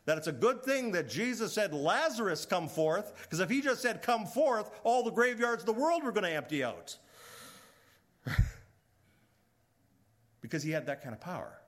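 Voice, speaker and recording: A middle-aged male pastor preaching a sermon, swinging between loud emphatic rises and hushed, trailing low lines. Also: very animated, moderate pace, pauses often.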